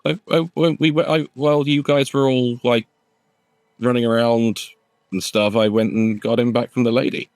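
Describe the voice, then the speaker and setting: A man playing a tabletop role-playing game, talking in rambling, halting restarts. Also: mid-range voice, flat delivery, darkish tone, no echo. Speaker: player. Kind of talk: casual tabletop role-play.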